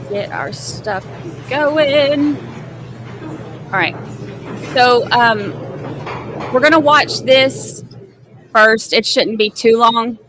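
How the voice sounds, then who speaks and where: A woman's voice: on the high side, noisy background. A woman hosting a casual livestream, rambling and giggling at herself between topics. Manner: giggly, rambling, self-mocking. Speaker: livestream host.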